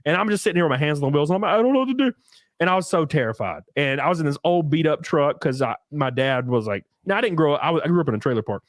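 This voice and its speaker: Animated, swearing man telling a story. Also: fairly high pitch, very fast, hardly any pauses, no echo, studio quality. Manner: animated storytelling, acts out quotes with profanity. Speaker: podcast host. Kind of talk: casual podcast chat.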